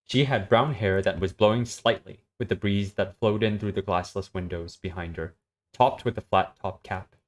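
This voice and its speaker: A woman's voice: extremely low pitch, normal speed. Woman reading a novel aloud on stream. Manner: steady reading, with small slips and self-corrections.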